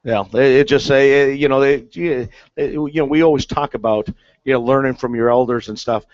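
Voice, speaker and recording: With a steady medium-pitched voice at normal speed, the guest, a former big-league catcher, tells a casual story full of fillers and restarts. The audio is dull, dry and lo-fi, without any echo.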